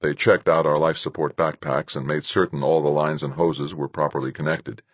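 A man narrating an audiobook in a measured, even storytelling manner. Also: a bass voice, slightly rough, no echo.

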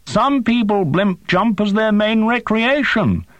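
A man voicing a daring, blunt young woman wing flyer who shouts over the wind. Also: sits high, lively intonation, takes it slowly, dry recording, highs cut off, voice pushed up. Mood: shouting.

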